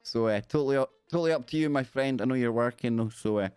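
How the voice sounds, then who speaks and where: A man's voice: mid-range voice, fast, a little mellow, clean tone, dry recording, soft background music. Jokey rambling Scottish man streaming. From Scotland. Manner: rambling, jokey, talks to viewers in chat. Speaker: live stream host. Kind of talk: casual live stream chat.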